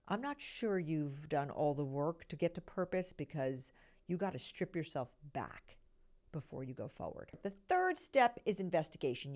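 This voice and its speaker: Low-voiced woman host teaching earnestly. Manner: earnest, frequent "okay?" check-ins, soft whispered asides. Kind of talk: conversational teaching monologue.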